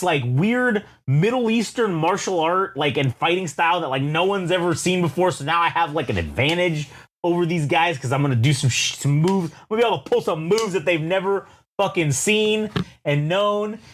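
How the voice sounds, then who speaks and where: Animated swearing male podcast co-host. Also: high voice, moderate pace. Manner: animated, swearing, acts out characters in his story. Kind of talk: casual chat, storytelling.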